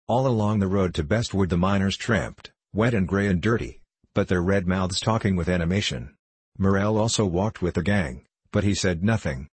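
A man narrating an audiobook novel in a measured, even reading. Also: sits low, breathy edge, no room sound. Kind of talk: scripted narration.

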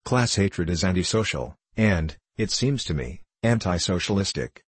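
A man's voice: sits low, animated, normal speed, husky, no echo. A man reading the part of an argumentative young woman in a challenging tone. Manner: challenging, reproachful.

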